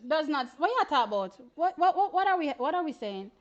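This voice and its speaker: A woman with a Jamaican accent hosting an animated live reaction stream about track races, excitable and exclamatory, with chatty asides to her viewers. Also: sits high, a little fast, dull audio. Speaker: track and field stream host.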